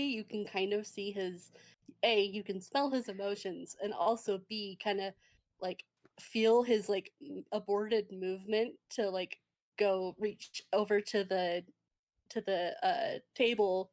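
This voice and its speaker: Woman game master, slow, rambling, mid-pitched. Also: a little mellow. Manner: rambling, many fillers. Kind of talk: narrating a tabletop game.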